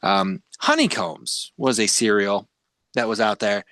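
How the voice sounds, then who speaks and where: A man's voice: lowish voice, very animated, unhurried, gravelly, fairly bright tone, no room sound, clean studio sound. A man hosting a podcast, chatting casually and rambling with many fillers. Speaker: podcast host. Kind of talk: casual chat.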